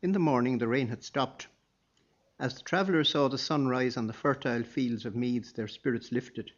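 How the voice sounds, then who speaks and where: A man narrates a historical story in a measured, even voice at medium pitch. The reading is steady and scripted. The recording sounds a bit dull and lo-fi. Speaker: audiobook narrator.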